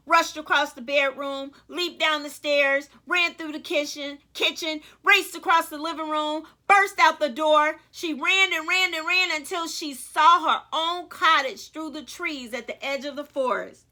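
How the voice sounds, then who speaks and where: A woman author reading a story aloud to children, animated and speaking directly to young listeners. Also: sits high, unhurried, few pauses.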